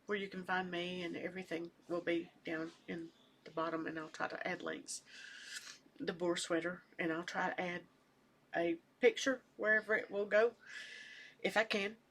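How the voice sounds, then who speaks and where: An older woman chatting casually at home as a knitting vlogger, rambling and soft-spoken, sometimes trailing off into near-whispers. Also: medium pitch, a little hiss or hum. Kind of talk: casual chat.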